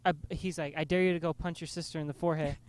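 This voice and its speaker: A man's voice: fairly high pitch, steady tone, rapid-fire, darkish tone, clear, resonant tone. A young man co-hosting a casual rooftop podcast, swearing and laughing easily as he tells stories. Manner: profane, laughs often. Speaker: podcast co-host. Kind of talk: casual chat. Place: outdoors on a rooftop.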